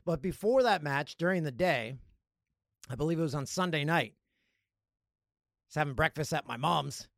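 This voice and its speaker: A Canadian man hosting a casual solo podcast, jokey and animated, with loud playful outbursts. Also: on the high side, measured pace, vocal fry, pauses often, dry recording, clean studio sound. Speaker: podcast host.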